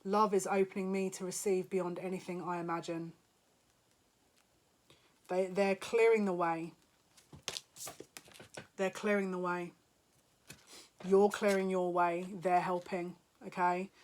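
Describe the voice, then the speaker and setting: A woman's voice: fairly low pitch, level tone, unhurried, pauses often. Emotional woman giving a psychic reading. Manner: emotional, laughing, tearful at moments. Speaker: psychic reader. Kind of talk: spiritual card reading to camera.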